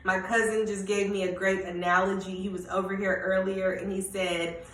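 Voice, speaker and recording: A woman's voice: mid-range voice, level tone, moderate pace, fairly bright tone, roomy sound, distant mic, rough recording. A woman giving a Christian encouragement talk for her channel, who repeats her key phrases and proclaims them over and over. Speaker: Christian vlogger. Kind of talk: faith encouragement vlog.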